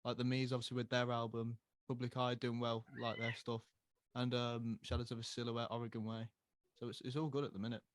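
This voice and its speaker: A man's voice: medium pitch, flat delivery, fairly quick. A young man from a band, answering interview questions in an easygoing, casual way. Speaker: band member guest.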